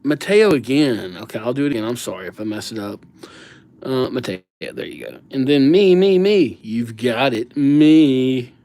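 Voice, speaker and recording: Man, livestream host, casual chat, playful, slangy banter, medium pitch. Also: lively intonation, normal speed, warm tone, dry recording. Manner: playful, riffs on names with silly nicknames; laid-back, slangy banter with viewers. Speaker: livestream host writing viewers' names.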